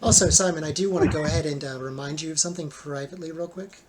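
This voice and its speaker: A game master narrating a tabletop game in a relaxed way, with many fillers. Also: medium pitch, fast talker, over a noisy crowd, low-quality recording.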